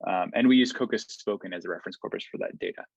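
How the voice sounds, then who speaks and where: A man giving an online academic lecture in a relaxed, explanatory way, with frequent ums and okays. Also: lowish voice, fast, creaky, no echo. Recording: dull, slightly lo-fi online lecture audio.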